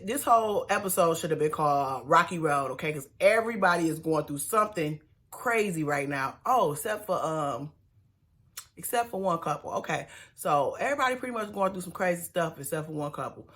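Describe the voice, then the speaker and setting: A woman's voice: low voice, lively intonation, normal speed, a bit bright. Woman, vlogger, casual TV recap, sassy, chatty, talks to her viewers.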